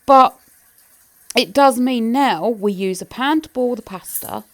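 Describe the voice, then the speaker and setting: Lady chatting away while she cleans, bit of a gravelly creak in her voice. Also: a little high, measured pace. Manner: chatty and rambling, talks to viewers. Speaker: cleaning vlogger. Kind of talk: casual chat to camera while cleaning.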